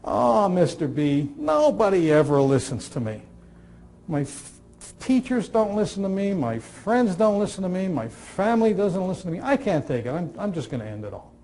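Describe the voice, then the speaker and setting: A man's voice: high voice, very animated, moderate pace, warm tone. A man voicing a distraught teenage schoolboy who threatens to jump, pleading and stammering in despair.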